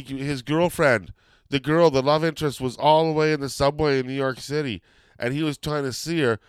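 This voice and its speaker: Smooth-voiced rambling podcast host. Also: male voice, fairly high pitch, no room sound. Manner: rambling, excitable, loses his train of thought. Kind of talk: casual podcast chat.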